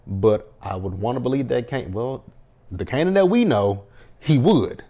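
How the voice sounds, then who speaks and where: This man, hosting a casual TV episode recap, has a medium-pitched, animated voice at normal speed with a dark tone, and the recording sounds muffled. He retells scenes chattily, often tagging on "right?", swearing as he reacts and slipping into quoted reactions.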